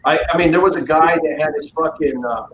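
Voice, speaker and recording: Man, livestream host, animated storyteller, swears a lot, slightly high voice, roomy echo. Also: a little fast, noisy background. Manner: animated, profane, acts out quotes. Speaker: livestream host, guitar builder. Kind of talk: casual storytelling chat.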